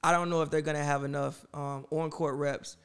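A young man arguing a point in a loose sports chat, pressing hard and saying the same thing again and again. His voice sits a touch high and comes across smooth and clear. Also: flat delivery, brisk, fairly bright tone. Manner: insistent, talks over others, repeats himself. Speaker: co-host. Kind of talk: casual sports debate.

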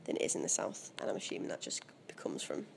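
A woman's voice: quick pace, slight background noise. A young woman, chatting casually and with opinions in an interview and laughing often. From Leeds area, Northern England.

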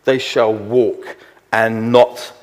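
A middle-aged man preaching a sermon, slowing down to read scripture verses with weight and emphasis. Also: fairly low pitch, steady tone, darkish tone. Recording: long hall reverb.

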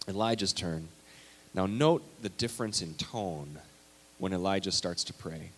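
A male pastor preaching a sermon, animated and emphatic, reading scripture aloud with big swings in loudness. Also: sits low, measured pace. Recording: long hall reverb.

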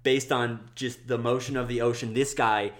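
A young man on a podcast, telling a story casually and acting out the people in it. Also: normal speed. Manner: animated, acts out quoted people in a high voice. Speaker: podcast co-host.

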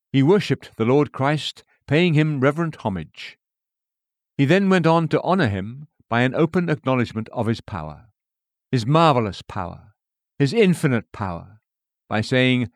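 A man reading a sermon aloud in an earnest, emphatic preaching manner, rising on key phrases and dropping to hushed endings. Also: medium pitch, no room sound. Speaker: sermon reader.

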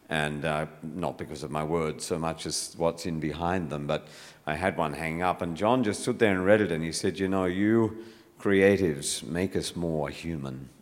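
Deep-voiced Australian man, hall reverb. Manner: reflective storyteller, many fillers and restarts. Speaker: poet speaking at a public talk. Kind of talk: conversational talk to a live audience. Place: university lecture hall. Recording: hall reverb, live event.

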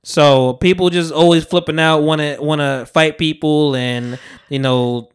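Animated storytelling man, slightly high voice. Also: unhurried, clean tone. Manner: animated storyteller, acts out quotes. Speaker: podcast host. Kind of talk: casual chat.

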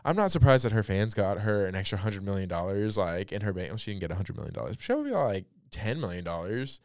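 A man's voice: on the low side, sing-song, quick pace, darkish tone, dry recording. A young man hosting a casual pop culture podcast alone, chatty and blunt, with lots of fillers and some swearing. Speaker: podcast and radio host.

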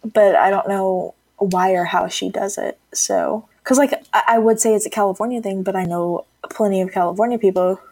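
A woman's voice: mid-range voice, fairly even intonation, normal speed, hardly any pauses, a little mellow, breathy edge, dry recording. A woman from Texas chats on her podcast in a loose, casual way. She laughs often and swears without a second thought. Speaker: podcast co-host. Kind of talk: casual chat.

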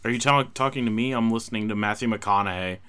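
A male podcast host joking around in casual chat. His voice sits on the low side but sounds bright and clear. He talks in a playful, bantering way. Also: fast.

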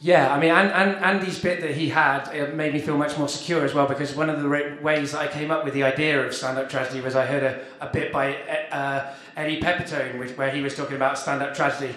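Fast-talking host in echoey venue. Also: male voice, a little high, steady tone, a bit bright. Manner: quick, rambling storytelling. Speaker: event host. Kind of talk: casual stage chat. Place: live comedy venue. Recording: echoey live room.

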